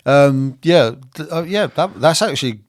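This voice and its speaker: A man's voice: a little high, animated, normal speed, no echo, clean studio sound. A man co-hosting a casual film podcast, blunt and sweary, rambling with lots of fillers. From second-generation Irish. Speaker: podcast co-host.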